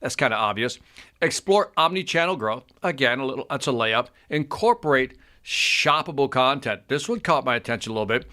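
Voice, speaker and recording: Co-host: eager mid-pitched man, reads out stats, repeats himself when excited. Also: brisk. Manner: enthusiastic, repeats his words, reads out statistics. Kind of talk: casual chat.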